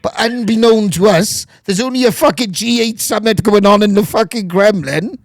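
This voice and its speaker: A middle-aged man, a podcast guest, telling animated anecdotes and swearing constantly in casual storytelling. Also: high voice, moderate pace.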